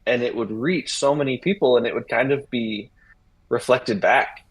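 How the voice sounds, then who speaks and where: Husky man telling a rambling story. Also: mid-range voice, moderate pace, poor audio. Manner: rambling, animated retelling with acted-out quotes. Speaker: interview guest. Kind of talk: casual storytelling in an interview.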